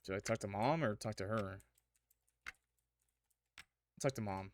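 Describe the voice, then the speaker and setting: A man playing through a story game, reading narration aloud and reacting with excitable, animated outbursts. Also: fairly low pitch, measured pace, a little hiss or hum. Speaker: gaming streamer. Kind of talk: let's play commentary and reading narration.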